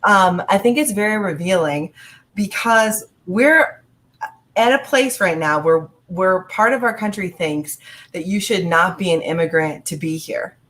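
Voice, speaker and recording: A woman's voice: on the low side, a little slow, a bit bright. A woman panelist reflecting aloud in an online discussion, with lots of "like" and pointed rhetorical questions. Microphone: video call.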